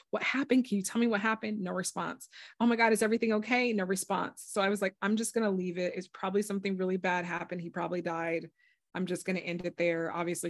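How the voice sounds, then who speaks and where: A healer and former psychic appears as a guest, telling a story in conversation with a medium-pitched voice. She is animated and acts out the voices of people she quotes. The sound is clean studio quality, with no room sound.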